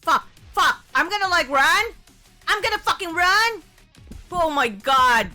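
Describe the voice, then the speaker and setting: A woman streamer giving live gameplay commentary, excitable, laughing and swearing as she plays. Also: very high-pitched, a little slow, faint music behind.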